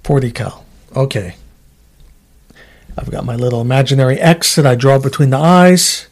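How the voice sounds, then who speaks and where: A middle-aged man, a former trooper, telling stories in a casual chat, animated and swearing, acting out what people said. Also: mid-range voice, normal speed. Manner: animated storyteller, swears, acts out quotes.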